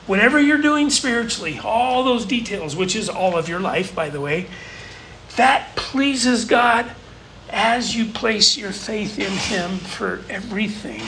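Male pastor delivering a sermon; high, bright voice, earnest, builds through repetition, light background hum. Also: poor audio. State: briefly choked up.

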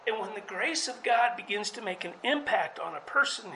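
An earnest preacher walks through a Bible passage, explaining it for the congregation. The voice sits in a middle pitch, and a faint hum of background noise runs underneath. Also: expressive, moderate pace, pushed and bright, poor audio. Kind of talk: sermon.

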